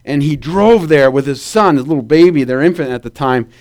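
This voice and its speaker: High-voiced preacher calling for amens. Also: male voice, brisk. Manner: animated storytelling with calls for amen. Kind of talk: sermon.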